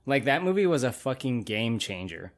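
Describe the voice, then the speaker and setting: A man's voice: mid-range voice, very animated, normal speed. A man in his thirties, a podcast host, chatting loosely about old movies, swearing and laughing often. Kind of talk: casual chat.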